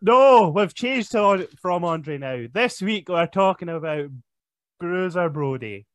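A man's voice: sits high, expressive, slow pace, no echo, studio quality. A man hosting a podcast in casual chat, joking and laughing often. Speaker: podcast host.

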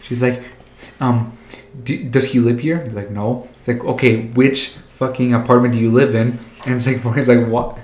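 A man's voice: medium pitch, fairly even intonation, normal speed, darkish tone. A man telling stories in casual chat, crude and joking, laughing often. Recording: roomy echo.

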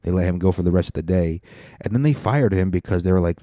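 A man's voice: low voice, quick pace, dark tone, dry recording, clean studio sound. A young man hosting a podcast, rambling through a profane, self-mocking comedic monologue. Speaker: podcast host.

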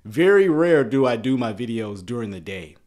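A man's voice: medium pitch, very animated, moderate pace, a little mellow. Chatty stammering man hosting a livestream. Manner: chatty, rambling, frequent stammered restarts; easygoing, laughs often. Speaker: YouTube channel host. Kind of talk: casual livestream chat.

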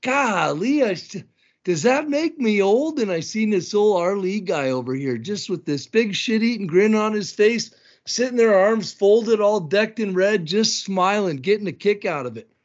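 A high-pitched man in his fifties from Blackfeet country, Montana, spinning casual stories as a podcast guest. He talks in an animated way, laughs often and swears. The recording sounds dull and lo-fi. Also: moderate pace. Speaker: podcast guest, tournament announcer. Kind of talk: casual storytelling chat.

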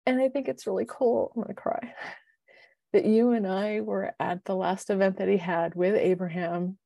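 A woman in her fifties, co-hosting a podcast as a life coach, telling stories with lively quoted voices. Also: mid-range voice, normal speed, creaky, no room sound. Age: 50s. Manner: animated storyteller, acts out quoted voices. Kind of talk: casual chat. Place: home, city.

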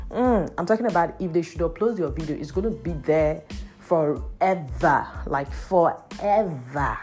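A young woman telling a personal story in casual chat, animated, with lots of "like" and "man". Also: measured pace, faint music behind. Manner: animated, raises pitch sharply for quoted voices, heavy "like" and "man".

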